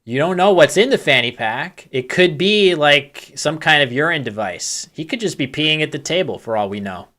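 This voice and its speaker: A man's voice: on the high side, lively intonation, normal speed, hardly any pauses, bright, forceful tone. A man commentating a live board-game tournament in a casual, chatty way, with candid joking asides and self-deprecating humor.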